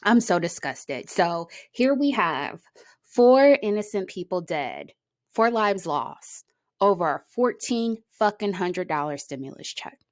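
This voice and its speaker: A woman's voice: mid-range voice, sing-song, slow, dry recording. A woman giving casual commentary on a news story, emotional and outspoken, swearing freely. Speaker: commentary vlogger.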